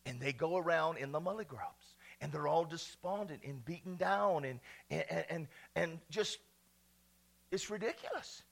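A middle-aged male pastor preaching an energetic sermon, shouting with joy and dropping into quiet asides. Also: on the high side, a little slow, gravelly. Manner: exuberant, shouting and laughing between quiet asides.

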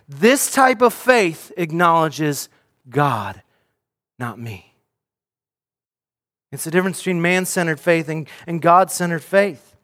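A male pastor delivers a sermon in a high voice for a man. He speaks earnestly and directly, often repeating a word or restarting a phrase before pressing on. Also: animated, slow, pauses often, a bit bright.

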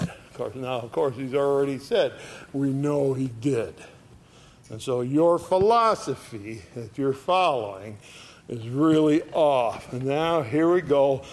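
A man giving an informal Bible teaching, retelling the scripture in lively storytelling and acting out the quoted voices. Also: medium pitch, slow.

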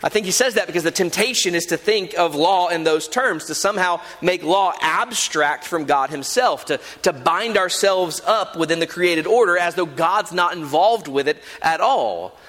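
A man's voice: high voice, expressive, moderate pace, few pauses, a bit bright. A male preacher giving an earnest, emphatic sermon, often checking in with a rhetorical "right?". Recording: long hall reverb.

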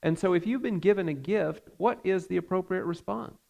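A man preaching a sermon as pastor, earnest and measured, with frequent fillers. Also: high voice, vocal fry, a little mellow.

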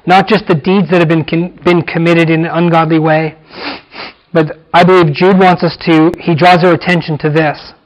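A man preaching an expository sermon, repeating key words and slowing down for emphasis. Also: a little high, flat delivery, rough recording. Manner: emphatic, repeats phrases, slows down for weight.

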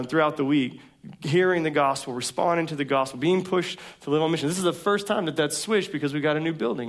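A man's voice: a little high, vocal fry. A man preaching a sermon as pastor, in a casual, conversational way from a church stage.

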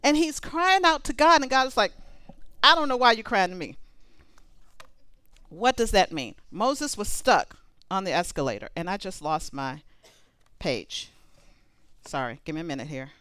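A woman preaching a sermon, conversational and animated, reading scripture aloud between comments. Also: mid-range voice, moderate pace, smooth, dry recording.

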